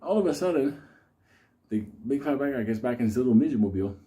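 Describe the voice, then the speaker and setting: A man's voice: mid-range voice, lively intonation, quick pace, dark tone. A man telling a rambling, profane story in a casual way, often breaking into laughter. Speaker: host.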